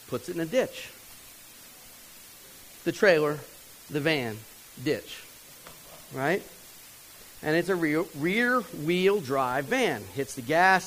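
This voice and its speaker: Animated man telling a sermon story. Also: slow pace, pauses often, slight background noise, poor audio. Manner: animated, talks to the crowd, mimics others in a higher voice.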